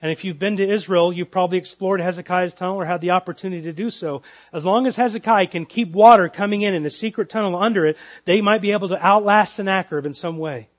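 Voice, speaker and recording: A pastor with a notably high voice preaches through scripture before a church congregation. He presses home his points with repeated, emphatic rhetorical questions. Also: fast talker. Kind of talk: expository sermon.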